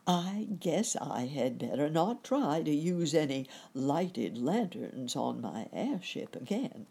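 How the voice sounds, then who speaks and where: A woman voicing a kindly old gentleman rabbit in a storybook, cheerful and exclaiming. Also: low-pitched, sing-song, slow pace, gravelly, breathy edge, exaggerated voice.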